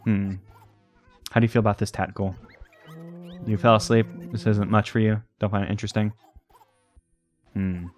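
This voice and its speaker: A man's voice: on the low side, little pitch movement, moderate pace, pauses often, faint music behind. A man hosting a let's play, rambling and hesitant as he talks to the game's pets. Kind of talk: casual game commentary.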